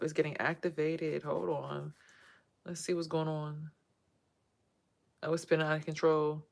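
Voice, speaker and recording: A woman's voice: low voice, level tone, measured pace, creaky, long pauses, a little hiss or hum. A woman doing a casual, rambling spiritual tarot vlog and talking straight to her viewers. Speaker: tarot reader and spiritual vlogger.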